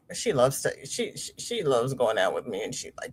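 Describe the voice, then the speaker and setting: Lively, low-voiced woman livestream host. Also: fairly quick, breathy edge. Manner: animated storyteller, laughs often. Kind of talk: casual livestream chat, reading viewer comments.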